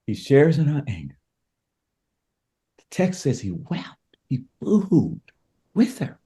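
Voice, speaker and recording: A man's voice: medium pitch, very animated, slow, pauses often, dark tone. A man speaking as a pastor and podcast guest, telling a scripture story with emphatic, preacher-style passion and repeated words as he builds each point.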